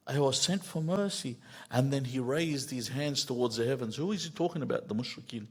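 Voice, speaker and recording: A middle-aged man giving a sermon, swinging between loud emphatic rises and quiet asides and quoting Arabic lines before translating them. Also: medium pitch, brisk, slightly rough. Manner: quotes Arabic phrases then translates them. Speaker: sheikh giving a mosque lecture.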